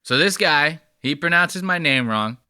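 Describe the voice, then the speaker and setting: A man's voice: on the high side, lively intonation, a little slow, noisy background. A man hosting a reaction show, ranting with lots of swearing and mock outrage. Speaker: show host and editor. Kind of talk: reaction commentary over a clip.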